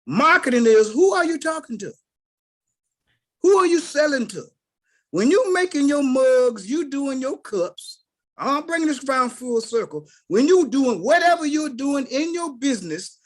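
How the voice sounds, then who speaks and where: Man in his 60s, folksy and animated, shares a story on a group call. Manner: animated, swings between low mutters and loud outbursts. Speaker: call participant sharing a story. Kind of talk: casual storytelling.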